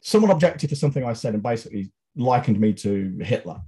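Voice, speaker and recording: A man's voice: medium pitch, expressive, fast talker, dark tone. A middle-aged man, co-hosting a podcast in blunt, outspoken, sweary casual chat. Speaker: podcast co-host.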